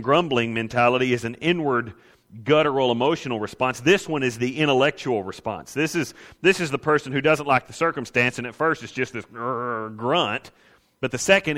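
A man's voice: medium pitch, a bit bright, in a large hall. A man preaching a sermon in a conversational way, now and then acting out the grumblers he quotes. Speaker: pastor.

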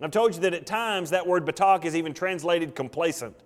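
High-voiced preacher in a reverberant hall. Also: male voice, fairly quick. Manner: conversational preaching, acts out quoted prayers. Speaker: pastor. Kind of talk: expository sermon. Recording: long reverb of a large hall.

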